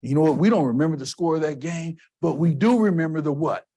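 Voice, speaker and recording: A man from Texas giving a motivational keynote, telling stories in an emphatic, animated way. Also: on the high side, fast. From Texas, USA. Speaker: keynote speaker. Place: conference hall stage.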